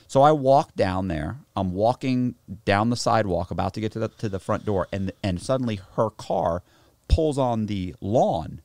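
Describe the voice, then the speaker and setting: A man telling a story to a podcast host, animated and full of slang and restarts, in a studio. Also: lowish voice, moderate pace, no room sound. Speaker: podcast guest. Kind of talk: casual storytelling.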